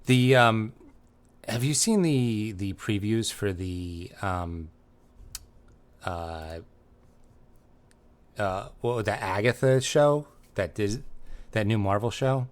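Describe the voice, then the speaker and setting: A man's voice: on the low side, slow, long pauses. A man hosting a comedy podcast, reading listener emails and teasing his co-host in dry, casual chat.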